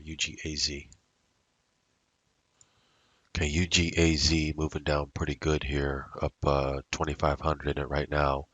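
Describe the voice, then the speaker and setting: Super deep guy talking thru his trades at the desk, mumbly, lots of uh's, dead dry sound. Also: pushed and bright, dry recording. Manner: rambling, muttering to himself with fillers. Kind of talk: casual live trading commentary.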